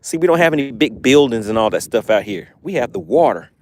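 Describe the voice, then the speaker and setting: A man's voice: mid-range voice, very animated, quick pace, darkish tone, a little hiss or hum. A man with a Southern US accent, from Georgia, hosting a fishing livestream outdoors by the water and chatting casually with viewers. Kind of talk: casual live-stream chat, reading comments.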